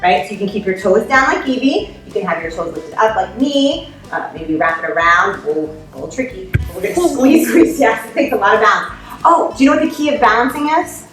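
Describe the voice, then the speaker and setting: A woman's voice: mid-range voice, animated, fairly quick, fairly bright tone, roomy sound, faint music behind. A woman teaching a family yoga class, upbeat and playful, making animal sounds as she guides poses.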